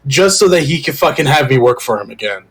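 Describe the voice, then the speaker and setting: A man's voice: medium pitch, fast talker, slightly rough, poor audio. A man voicing a blunt, swearing mercenary raised from the dead, speaking in character during a tabletop game. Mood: angry. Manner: blunt, cursing, deadpan. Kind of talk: tabletop role-play in character.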